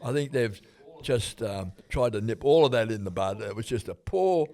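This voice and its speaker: A man's voice: lowish voice, animated, normal speed, darkish tone. An older man with an Australian accent, chatting about footy as podcast co-host, rambling with fillers and chuckles. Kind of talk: casual footy chat.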